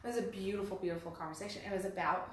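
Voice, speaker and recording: Middle-aged woman, casual relationship talk, animated storyteller, very echoey room, faint background hiss. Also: mid-range voice, very fast. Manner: animated storytelling, acting out quoted voices. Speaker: podcast co-host. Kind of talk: casual conversation about relationships.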